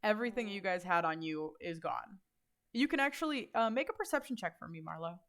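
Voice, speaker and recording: A woman's voice: mid-range voice, lively intonation, a little fast, fairly bright tone. Casual woman running a tabletop game. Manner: casual, filler-heavy descriptive narration. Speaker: game master.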